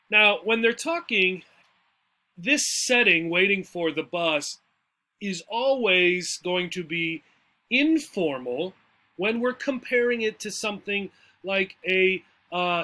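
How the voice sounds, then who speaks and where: A man's voice: high voice, pushed and bright. A man teaching English, walking through a textbook dialogue in a chatty way and often checking in with "right?" and "okay?".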